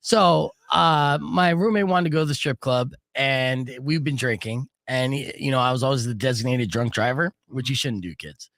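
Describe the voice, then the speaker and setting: A man's voice: mid-range voice, moderate pace, creaky, hardly any pauses, a bit bright, no room sound. A man hosting a live radio show, telling stories in a brash, casual way and swearing freely from a studio mic. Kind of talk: casual on-air storytelling.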